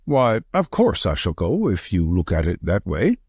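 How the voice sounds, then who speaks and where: A man's voice: low voice, huge pitch swings, moderate pace, creaky, darkish tone, slightly rough, no room sound, heavily acted. A man voicing a worried, sullen old man who protests fretfully.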